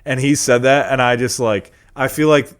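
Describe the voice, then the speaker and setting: A man's voice: medium pitch, steady tone, normal speed, smooth. A young man, a comedian, co-hosting a casual podcast chat, rambling through stories and swearing freely.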